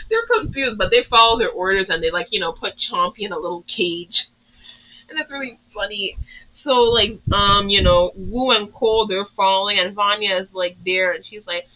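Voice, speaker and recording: A YouTuber casually rambling through a cartoon recap, with constant "like" and "you know" and quick acted-out character lines. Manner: briefly acts out characters' lines in higher pitch. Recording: tinny phone-like audio.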